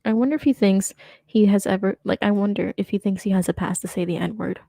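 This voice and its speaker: A woman's voice: mid-range voice, fairly even intonation, fairly quick, creaky, mellow, no room sound, studio quality. A young woman hosting a casual reaction commentary, sarcastic and rambling, often laughing as she talks. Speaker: commentary host.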